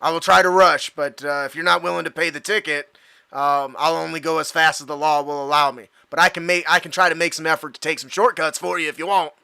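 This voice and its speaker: A man's voice: a little high, steady tone, fast, vocal fry, bright, forceful tone, clear, resonant tone. A man voicing a folksy, rambling middle-aged male cab driver.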